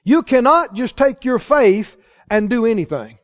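A man's voice: very high voice, expressive, measured pace. A man preaching a sermon, emphatic and asking his listeners questions as he goes. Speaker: pastor. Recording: dull lo-fi sermon recording.

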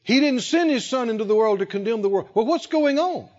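A male pastor preaching a sermon, speaking slowly and with emphasis, pausing to let the congregation fill in key words. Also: very high-pitched, lively intonation. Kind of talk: sermon with call-and-response. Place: church sanctuary. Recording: lo-fi with long hall reverb.

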